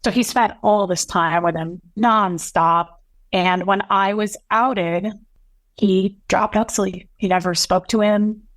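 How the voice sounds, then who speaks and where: Woman in her thirties, earnest and halting storyteller, mid-pitched voice, dry close sound. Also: steady tone, no room sound. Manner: earnest, halting, full of restarts and quoted dialogue. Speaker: podcast guest. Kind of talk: emotional personal storytelling.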